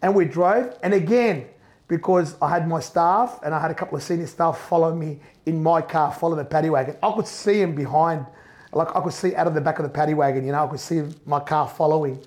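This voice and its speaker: A middle-aged man telling an emotional first-person story, animated, repeating and restarting as he goes. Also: fairly high pitch, fairly quick. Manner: animated, repeats and restarts, acts out quoted voices. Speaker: business owner telling his story.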